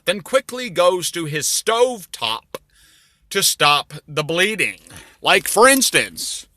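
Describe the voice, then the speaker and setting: A man telling crude comedy stories in a rambling way, with deadpan asides. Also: on the high side, no room sound. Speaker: storyteller. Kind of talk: crude comedic storytelling over drawings.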